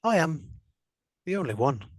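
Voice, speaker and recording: A man's voice: fairly high pitch, sing-song, normal speed, no echo, studio quality, voice pushed up. A man voicing a nervous, elegant female bird-folk shopkeeper whose voice slips between female and male. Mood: curious.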